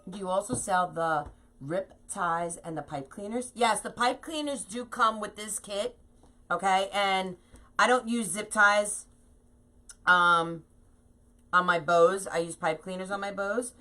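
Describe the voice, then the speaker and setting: A woman with a bright, forceful mid-range voice speaks at a measured pace. She's hosting a live wreath-making tutorial from her home craft table, chatting, laughing at herself, and reading viewer comments.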